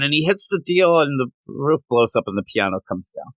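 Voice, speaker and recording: A man's voice: medium pitch, brisk, no echo. A man giving a casual, ranting comic book review on a podcast, acting out bits of dialogue as he goes. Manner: animated, ranting, acts out dialogue.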